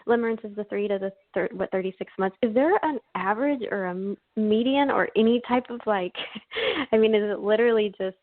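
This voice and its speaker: A woman in her thirties speaks on a call-in show. Her voice sits mid-pitch, and she talks hesitantly, with restarts and little laughs. The sound is dry and tinny, like a phone line. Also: brisk, no echo. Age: 30s. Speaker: caller. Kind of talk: phone-in conversation.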